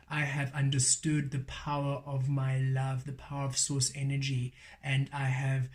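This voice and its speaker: A man's voice: medium pitch, completely flat delivery, unhurried, hardly any pauses, a little mellow. A man giving a spiritual tarot card reading, emphatic and repeating his affirmations. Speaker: tarot reader.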